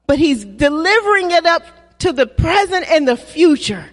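A woman preacher giving a sermon in a church, using call-and-response and drawn-out, emphatic phrasing. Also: extremely high pitch, sing-song. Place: church sanctuary. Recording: long reverb of a hall.

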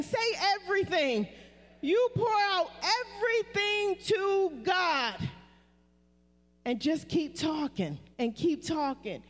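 A woman pastor preaching a sermon, calling on the congregation to repeat phrases back and repeating her own lines for emphasis. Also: extremely high pitch. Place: church sanctuary. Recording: long church reverb.

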